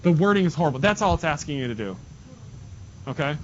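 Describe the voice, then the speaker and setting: Fast-talking, with a fairly high pitch and lively intonation, a male math teacher works through problems with his class step by step, adding joking asides. The classroom lesson has a dull, lo-fi sound with faint hiss.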